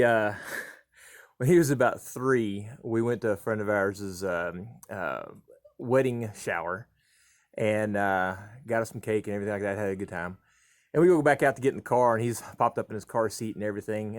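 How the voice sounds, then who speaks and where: A man's voice: on the low side, moderate pace. A middle-aged man recounts stories about his kids in an easygoing, folksy drawl. He chuckles as he goes and trails off with plenty of uhs and ums. He is recorded in a horse barn. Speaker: vlogger telling family stories. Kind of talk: casual storytelling to camera.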